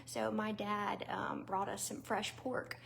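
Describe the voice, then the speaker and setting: A woman's voice: medium pitch, flat delivery, slow pace, gravelly, a bit bright, a little hiss or hum. A woman with a Southern US accent talking casually to viewers, chatty and conversational, with fillers and little laughs. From Southern United States. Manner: talks straight to viewers. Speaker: vlogger and small business owner. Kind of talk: casual talk to camera.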